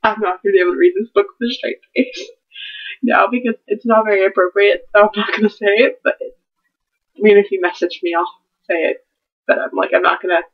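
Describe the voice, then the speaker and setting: A woman's voice: medium pitch, fairly even intonation, fairly quick, husky. A teenage girl rambling about her books in a hyper, giggly way, vlogging at home. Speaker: book vlogger. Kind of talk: casual chat to camera. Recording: dull lo-fi webcam audio.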